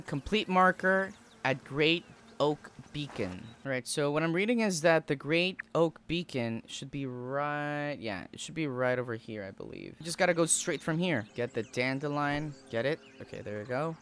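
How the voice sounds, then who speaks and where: A man commentating his own gameplay in a casual let's-play style, excitable and prone to swearing when startled. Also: fairly high pitch, a little hiss or hum. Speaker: gaming YouTuber.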